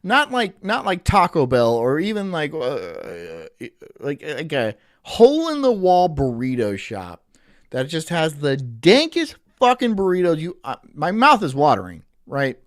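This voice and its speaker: Male streamer, higher voice, lively swings, crude rambling chat. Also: unhurried, dry recording, clean studio sound. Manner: crude, rambling, laughs often. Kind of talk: casual live-stream chat.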